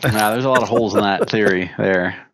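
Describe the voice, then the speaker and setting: A man's voice: on the low side, brisk, noisy background. A man co-hosting a casual podcast, answering a friend's theory with skeptical, exasperated pushback. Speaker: podcast co-host. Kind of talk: casual joking chat.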